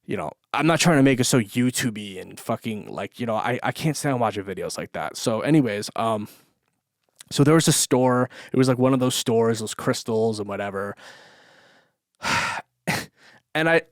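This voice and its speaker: A man's voice: medium pitch, lively intonation, normal speed, no echo, studio quality. A man telling a story in a loose, rambling podcast monologue, swearing often and full of fillers. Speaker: podcast host. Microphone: camera mic.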